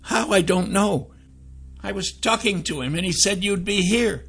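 A male narrator voicing a naive, eager young man who whines and pleads in a high, strained voice. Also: moderate pace, gravelly, a bit bright, slightly rough, soft background music, heavily acted.

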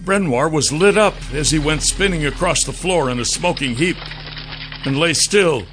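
A man narrating a first-person fantasy audiobook with a dramatic, expressive reading. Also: on the high side, moderate pace, over music.

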